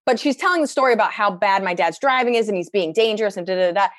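Talking very fast in a mid-range voice, captured with clean studio sound and no echo, a young female comedian guest chats about her family, peppering her stories with fillers and lively quoted asides.

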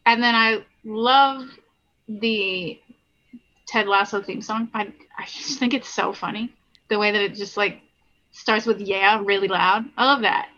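A woman's voice: medium pitch, measured pace, sharp tone, highs cut off. A woman talking casually and enthusiastically as a podcast guest, with many fillers. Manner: enthusiastic, lots of likes. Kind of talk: casual chat.

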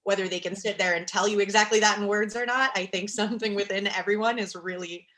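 A woman's voice: medium pitch, steady tone, fast, a bit bright. Chatty young woman telling a story. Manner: chatty, fillers like "like" and "you know". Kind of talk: casual storytelling chat.

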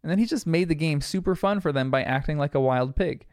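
A man's voice: a little high, fast talker, a little mellow, smooth, dry recording, studio quality. A young man giving a casual, chatty recap of a cartoon episode, reflective and full of fillers. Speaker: episode reviewer.

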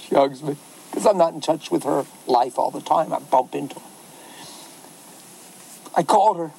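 A man who is a pastor, telling a story in an animated way, laughing often and acting out the voices of others. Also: fairly high pitch, moderate pace, gravelly, a little hiss or hum, poor audio. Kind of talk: storytelling talk.

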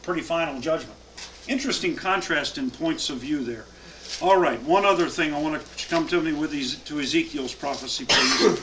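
A man's voice: a little high, normal speed, background noise. A man teaching a Bible class, reading scripture aloud with emphatic cadence and then explaining it.

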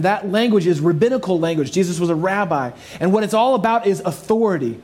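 A pastor delivers a sermon in a high, light male voice. He preaches with animated emphasis and slips in playful, joking asides to the congregation. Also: quick pace, few pauses.

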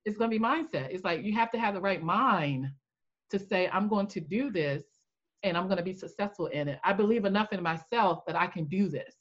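A woman coach telling an animated story in a podcast interview, acting out the voices she quotes. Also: brisk, highs cut off. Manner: animated storyteller, acts out quoted voices with big pitch jumps. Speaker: coach and founder.

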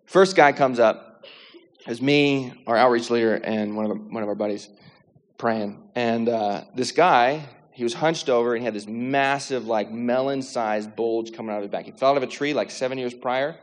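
A man telling a personal faith testimony in a lively, animated way, acting out the dialogue and using lots of filler words. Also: mid-range voice, normal speed. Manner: lively, acts out quoted dialogue, many "like" fillers. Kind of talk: animated storytelling. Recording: long hall reverb.

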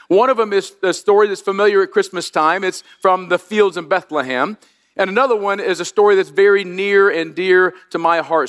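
High-voiced lively pastor preaching at Christmas. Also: male voice, long reverb tail. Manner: lively, folksy preacher addressing the congregation directly. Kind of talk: Christmas Eve sermon. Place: church sanctuary.

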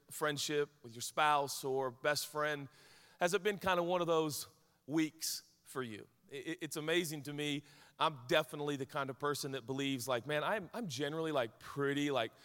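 A man's voice: on the high side, a bit bright, smooth, in a large hall. A man in his forties, a pastor giving a sermon in a candid, conversational, storytelling way. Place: large hall with congregation.

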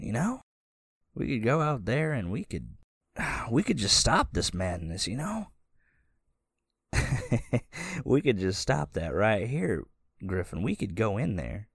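A man's voice: medium pitch, vocal fry, breathy edge, dry recording, studio quality, voice pushed up, full character voice. A man voicing an eager, pushy young fighter. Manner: pushy, coaxing, restless.

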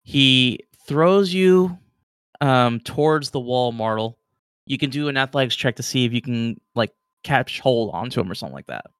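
Give me a man running a tabletop game who narrates loosely and fills the gaps with "like" and "um." His voice is clear and smooth. It is recorded dry and close. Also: medium pitch, animated, moderate pace, fairly bright tone, no echo. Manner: casual, filler-heavy, lots of "like". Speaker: game master.

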